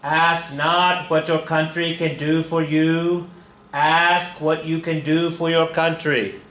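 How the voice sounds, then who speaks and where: A man's voice: on the high side, flat delivery, fairly bright tone, echoey room, a little hiss or hum, voice pushed up, rough recording. A man doing a grand 1960s president, Irish-tinged. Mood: solemn. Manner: slow, stately oratory. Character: grand 1960s male president giving a speech.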